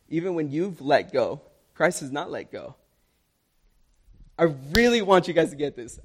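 A man's voice: fairly high pitch, a little mellow. A young man preaching a sermon, earnest and emphatic, repeating key lines for stress.

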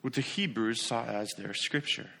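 The speaker is a man preaching a sermon at a moderate pace, his medium-pitched voice a bit creaky. He leans hard on rhetorical questions and swings from declaring things loudly to murmuring quieter asides.

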